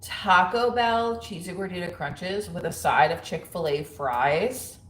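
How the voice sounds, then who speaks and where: Speaking from home in a low voice, a woman in her thirties chats casually with her livestream viewers and reads their comments. She laughs readily, speaks frankly, and uses many fillers, while the room gives off a noticeable echo.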